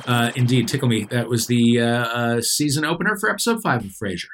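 A man's voice: medium pitch, brisk, slight background noise. A man hosting a quiz game in a casual comedy podcast chat, joking as he goes. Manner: playful, joking quizmaster. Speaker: quiz host.

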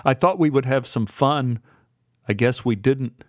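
A man reading an audiobook and voicing an earnest, apologetic man who speaks gently and warmly. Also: medium pitch, a little slow, no echo, studio quality, close to an everyday voice. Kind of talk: audiobook character voice.

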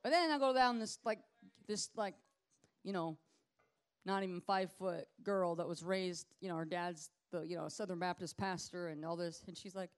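A woman ministry leader giving an informal teaching sermon in a lively, conversational way, acting out the people she talks about. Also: lowish voice, a little fast, smooth. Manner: lively conversational preaching, acts out quoted people.

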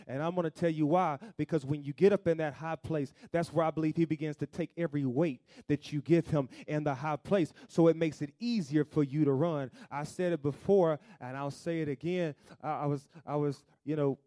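A man preaching a sermon, calling out to the congregation and swinging from loud declarations to hushed, drawn-out lines. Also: fairly high pitch, no echo, studio quality. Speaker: pastor. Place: church.

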